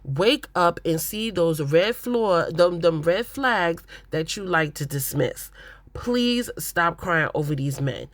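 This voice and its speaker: A reality TV recap host talks straight to the viewer with blunt, exasperated opinions and loose, chatty phrasing. The voice sits at a middle pitch and comes through dry and close, with no room sound around it. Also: animated, slow, fairly bright tone, no room sound. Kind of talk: casual recap commentary.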